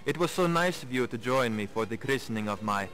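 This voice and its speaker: An actor with a Russian accent playing a formal, courtly gallery owner in a 1990s game video. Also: male voice, mid-range voice, expressive, a little fast, fairly bright tone, soft background music, lightly acted. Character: suave middle-aged male Russian art gallery owner.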